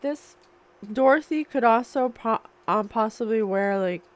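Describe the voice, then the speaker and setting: A psychic reader channels a spiritual reading, musing and asking questions aloud as she seeks answers from spirit. Her voice is a little high and unhurried.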